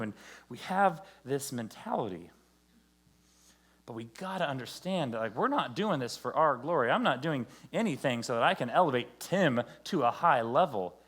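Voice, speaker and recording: A pastor with a slightly high, fairly bright voice gives a joking, conversational sermon during a church service. Along the way he acts out quotes.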